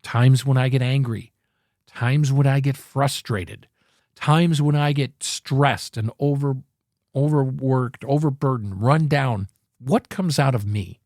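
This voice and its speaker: Earnest male podcast host, casual motivational talk, rambles and corrects himself, mid pitch, dead-dry room. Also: slow, a little mellow, no echo.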